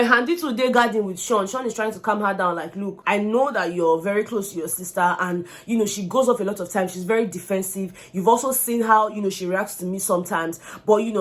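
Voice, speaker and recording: A young woman giving a casual gossip recap, animatedly acting out what other people said. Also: mid-range voice. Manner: animated, acts out quotes of others. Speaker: reality show recap vlogger.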